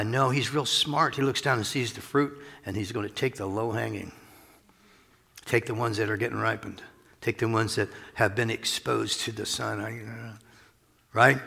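Guy pastor preaching, gravelly and kinda husky, chatty asides, echo from a big church hall. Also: lowish voice, moderate pace. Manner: conversational, animated preaching with chuckles and asides. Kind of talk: sermon. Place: church sanctuary. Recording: long reverb of a large hall.

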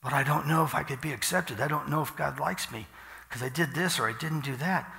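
A man preaching a sermon as pastor, animated and conversational, with a dry mouth. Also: on the high side, fairly quick, vocal fry, big-room sound.

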